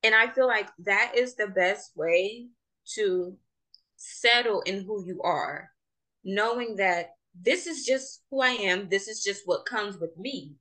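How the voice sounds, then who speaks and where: A young woman with a bright, forceful voice hosts a relaxed podcast chat. She speaks with passion and strong opinions, pressing her points with emphasis. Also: medium pitch, slow, low-quality recording. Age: young adult. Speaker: podcast host. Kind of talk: casual chat.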